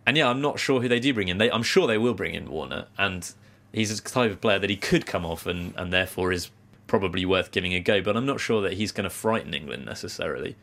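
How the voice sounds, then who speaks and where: A man with a low voice talks cricket in a measured, analytical way. He weighs each point and hedges his opinions. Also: lively intonation, fairly bright tone. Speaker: cricket podcast co-host. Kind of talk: casual cricket discussion.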